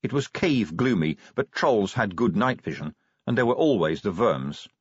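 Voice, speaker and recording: A man reads a comic fantasy audiobook with wry, animated storytelling. His voice sits low and husky and moves in lively swoops of pitch. The recording is dry and a little dull. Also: moderate pace, no echo. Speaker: audiobook narrator. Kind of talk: scripted narration.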